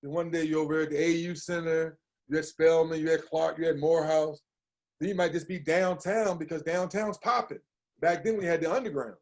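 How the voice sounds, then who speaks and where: Animated storytelling man in his fifties. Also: fairly high pitch, a little fast. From Hagerstown, Maryland, USA. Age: 50s. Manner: animated, slangy, acts out quoted voices. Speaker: podcast guest. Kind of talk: conversational storytelling.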